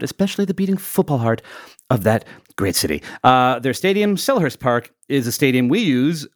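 A middle-aged man from the United States co-hosts a podcast with a playful, joking manner. His pitch swings widely and lively as he talks. The recording is dry and close. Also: dry recording. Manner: playful, joking, laughs often. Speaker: podcast co-host. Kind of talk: casual chat.

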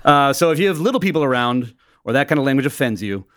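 A man's voice: medium pitch, lively intonation, fast, fairly bright tone. A middle-aged man from the United States co-hosting a podcast in playful, joking casual chat, laughing often. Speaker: podcast co-host.

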